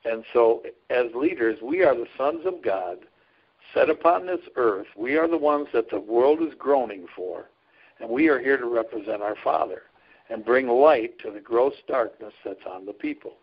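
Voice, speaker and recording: A man's voice: mid-range voice, animated, normal speed, husky. Earnest folksy male storyteller. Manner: earnest, folksy, laughs often. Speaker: trucker chaplain and ministry leader. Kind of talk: storytelling in a casual interview. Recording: dull lo-fi recording.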